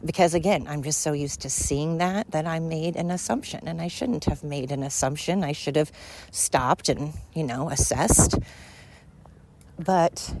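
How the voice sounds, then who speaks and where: A woman's voice: deep voice, measured pace, darkish tone, low-quality recording. A woman hosting a casual solo podcast while out walking, a bit out of breath, rambling with many fillers and asides. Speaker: podcast host. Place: outdoors in a neighborhood. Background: leaf blower and street noise.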